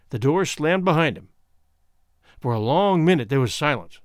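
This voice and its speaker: A man narrating a classic short story aloud in an expressive, measured way. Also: fairly high pitch, dry recording, clean studio sound. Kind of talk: audiobook reading of a classic story.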